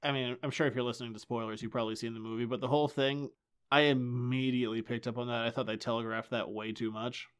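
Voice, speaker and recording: A man's voice: mid-range voice, fast talker, clear, resonant tone. A man in his late twenties co-hosting a comics podcast, chatting casually and joking animatedly. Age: late 20s. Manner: joking, animated, laughs often. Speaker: podcast co-host. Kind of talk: casual chat.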